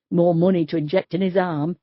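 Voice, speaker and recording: A woman's voice: on the low side, fairly even intonation, moderate pace, dry recording, highs cut off, close to an everyday voice. A woman voicing a blunt, gossipy middle-aged street worker, in an audiobook. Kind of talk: audiobook character voice.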